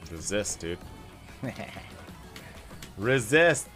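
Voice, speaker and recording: A man's voice: on the low side, sing-song, extremely slow, sharp tone, soft background music. A man streaming a video game and asking puzzled questions about what just happened. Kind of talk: live-stream gaming commentary.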